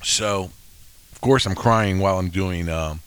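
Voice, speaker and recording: Deep-voiced guy in his 60s, podcast host, emotional and rambly, dry close sound. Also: a little slow, fairly bright tone, clean tone, no room sound. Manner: emotional, rambling storyteller with many restarts. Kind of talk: casual faith podcast chat.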